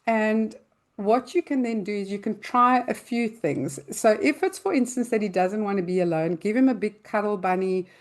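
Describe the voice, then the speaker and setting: An older woman hosting a parenting advice show and answering listener questions, calmly explaining with everyday examples in loose, conversational speech. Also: mid-range voice, normal speed. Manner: loosely spoken, with restarts and fillers.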